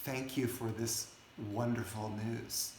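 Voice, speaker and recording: Man voicing meek novice seeker, gentle and unhurried, roomy echo. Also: fairly low pitch, fairly even intonation, slight background noise. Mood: grateful. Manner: slow, soft and humble. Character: humble male novice seeker, grateful.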